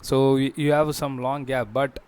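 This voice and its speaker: Man, smooth clear tone, mid pitch, halting, many fillers, screen walkthrough talk. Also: flat delivery, darkish tone. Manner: halting, with frequent fillers and restarts. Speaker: job-listings channel host.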